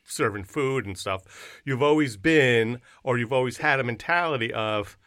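A man co-hosting a podcast, talking in an animated, casual way with lots of slang and hype. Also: medium pitch, measured pace. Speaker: podcast co-host.

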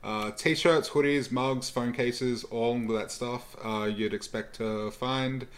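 A man's voice: medium pitch, fairly even intonation, slow. A man co-hosting a podcast, chatting casually about supporting the show, with plenty of fillers. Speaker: podcast co-host. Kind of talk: casual chat, plugging the show.

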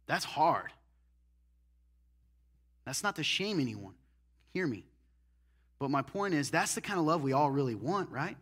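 Animated male pastor preaching, slightly high voice. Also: unhurried, pauses often, slightly rough. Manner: animated preaching, swings from loud punches to quiet intensity. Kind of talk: sermon.

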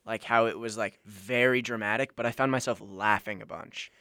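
A young man co-hosting a college radio podcast, easygoing and halting, chatting in a small studio. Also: on the low side, fairly even intonation, sharp tone, clean tone, dry recording. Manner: easygoing, laughs often, halting. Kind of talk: casual chat.

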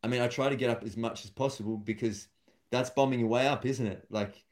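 A man's voice: medium pitch, steady tone, fairly quick, darkish tone. A man, a stand-up comedian and guest, talking casually and thoughtfully in an interview, with many fillers and restarts.

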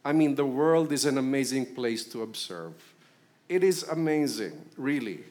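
A man's voice: mid-range voice, animated, normal speed, a little mellow. A middle-aged man with a Filipino accent, preaching a sermon in a conversational way and putting questions to his congregation. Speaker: pastor.

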